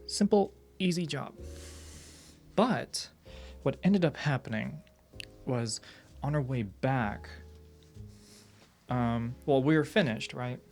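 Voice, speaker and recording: A man's voice: mid-range voice, slow, gravelly, pauses often, a little mellow, soft background music. A man streaming, telling a long story in casual chat, restarting his sentences and swearing as he goes. He rambles along in a loose, offhand way.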